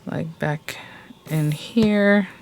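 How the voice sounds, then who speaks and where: A woman's voice: sits low, extremely slow, gravelly, a little hiss or hum. A woman hosting a casual crafting tutorial, chatting and thinking aloud as she works and gushing over cute details. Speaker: crafting channel host.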